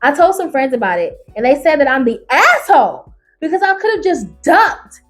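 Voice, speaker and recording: A woman who reads online stories aloud as a YouTuber. She reacts with sass and loud outbursts, and calls her listeners baby and honey. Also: high-pitched, very animated, normal speed, faint music behind. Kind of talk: animated reaction reading.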